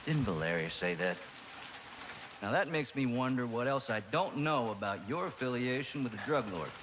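An actor playing a cool, smug mercenary commander who speaks in a calm, measured, menacing way. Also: male voice, mid-range voice, lightly acted. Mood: coolly menacing. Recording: rain noise behind game audio.

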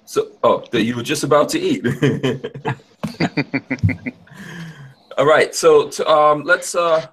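A man hosts a live podcast with a loose, joking manner, filling his talk with fillers and quick asides. His voice is mid-pitched and plain, and it comes through a video call. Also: fairly bright tone, breathy edge. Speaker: podcast host. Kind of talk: casual chat.

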